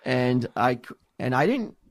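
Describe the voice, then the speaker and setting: A middle-aged man hosting a podcast, telling a story in a casual, animated way and swearing freely. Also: medium pitch, a little slow. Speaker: podcast host.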